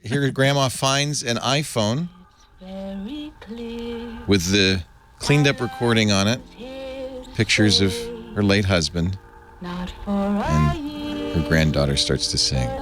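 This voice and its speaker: Lively low-voiced male host. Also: slow pace, long pauses, music in the background. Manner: animated storytelling with laughs. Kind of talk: casual panel chat.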